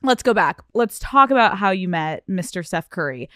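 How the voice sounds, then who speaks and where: A woman's voice: medium pitch, lively intonation, normal speed, fairly bright tone, dry recording, studio quality. A woman hosting a podcast, asking questions in a playful, teasing way, swearing and laughing. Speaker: podcast host. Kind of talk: casual interview chat.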